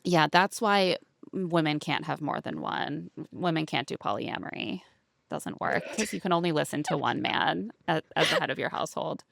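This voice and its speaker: A woman's voice: sits low, moderate pace, gravelly, fairly bright tone, no echo, studio quality. A woman co-hosting a podcast, recapping a reality show in casual chat with sarcastic asides and mocking quotes. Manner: sarcastic, mocking quotes of cast, laughs often. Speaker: podcast co-host.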